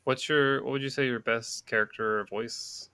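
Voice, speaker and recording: A man hosting a podcast, casually interviewing his guest and asking relaxed, curious follow-up questions. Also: mid-range voice, moderate pace, smooth, dry recording. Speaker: podcast host.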